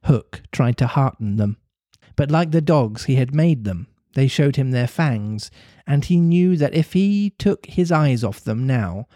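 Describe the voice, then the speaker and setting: A man reading a classic storybook aloud, measured and expressive, with a mid-pitched voice. The sound is dry and close, with no room echo. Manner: measured, expressive reading with occasional laughing asides. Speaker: reader of a classic novel on a podcast. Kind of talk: storybook narration.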